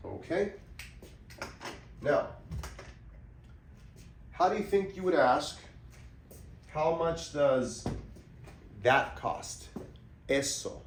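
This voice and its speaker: A man teaches pronunciation at a very slow, deliberate pace, splitting each word into syllables and saying them again and again. He clears his throat often. His voice sits a little back from the mic in an echoey room with a faint hum of ambience behind him. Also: fairly high pitch, very animated, distant mic. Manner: patient, breaks words into syllables and repeats them. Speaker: Spanish teacher.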